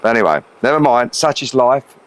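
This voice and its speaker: A man's voice: medium pitch, animated, a little fast, fairly bright tone. A middle-aged man hosting a casual outdoor cooking vlog, chatty, cheeky and full of swearing. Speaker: cooking channel host. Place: outdoors at a grill.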